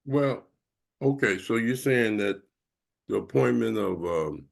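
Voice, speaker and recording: A man hosting an online panel discussion, speaking haltingly and prodding guests with questions. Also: lowish voice, animated, creaky. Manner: halting, restarts often, prods guests with questions. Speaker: host.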